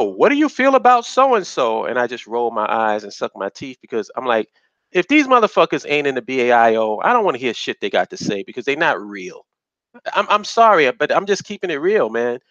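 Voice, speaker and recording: A man's voice: mid-range voice, fairly bright tone, no room sound. Man, live stream host, blunt rambling talk, dry close sound, slightly dull lo-fi mic. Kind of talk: casual live stream rant.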